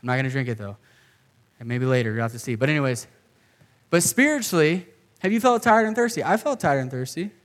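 A man's voice: mid-range voice, expressive, fast talker. A man giving a sermon to a live group in a casual, conversational way, often saying "okay" and "like" as he explains. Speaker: pastor.

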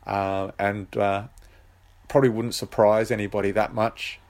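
A man's voice: lowish voice, measured pace. A man who writes books, talking casually on his own show, hesitant and full of ums and uhs. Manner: relaxed, rambling. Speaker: author and podcast host. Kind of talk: casual solo chat.

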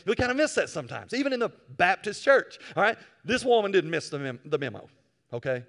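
Man, pastor, sermon, high-pitched, animated storytelling. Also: brisk. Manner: storytelling, animated, swings from quiet asides to shouts.

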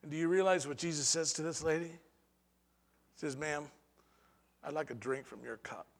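A man preaching a sermon as pastor, with dramatic pauses and sudden swings between soft and loud delivery. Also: fairly high pitch, big-room sound.

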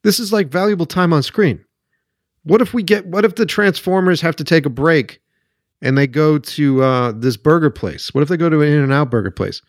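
A man's voice: fairly high pitch, normal speed, dry recording, studio quality. A man hosting a solo podcast, ranting in a sarcastic, profane way and keeps checking in with "right?". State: worked up. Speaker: podcast host.

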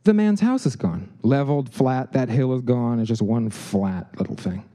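Brief: male storyteller, mellow tone, animated, slips into quoted voices. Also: moderate pace. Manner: animated, acts out quotes with shifting pitch. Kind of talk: personal storytelling.

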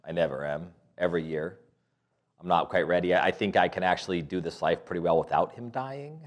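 A man's voice: low voice, brisk. A man preaching a sermon in a conversational, playful way, full of rhetorical questions and light laughs.

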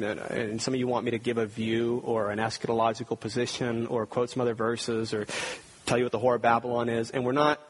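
A man's voice: mid-range voice, slight background noise, poor audio. A man preaching a sermon as pastor, talking conversationally with frequent restarts and building to emphatic readings of scripture.

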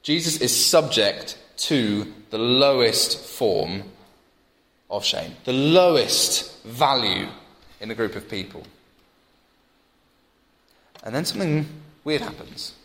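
A young Englishman delivers a sermon, weaving in personal stories and pressing his points with rising emphasis. His voice sits at a middling pitch and rings out in a large church hall with a long, lingering reverb. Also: takes it slowly, long pauses. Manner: storytelling, animated, builds to emphatic peaks. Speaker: preacher.

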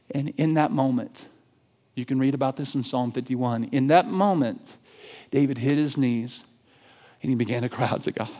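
A male pastor preaching a sermon in an animated, conversational storytelling way. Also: medium pitch, normal speed.

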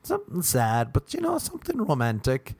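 A young man with an Irish accent doing a stand-up routine, lively, with sudden leaps up in pitch for his bits. His voice sits at a medium pitch. The sound is dry and close, with little room echo. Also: fairly quick, vocal fry, breathy edge. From Ireland. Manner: animated, jumping to high pitch when acting out others. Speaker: comedian. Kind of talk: stand-up comedy monologue.

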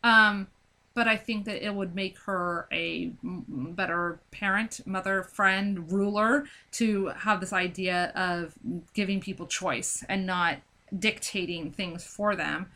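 Bright-voiced woman chatting animatedly. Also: mid-range voice, slow. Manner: animated, acts out scenes, many "like" fillers. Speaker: book discussion co-host. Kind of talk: casual chat.

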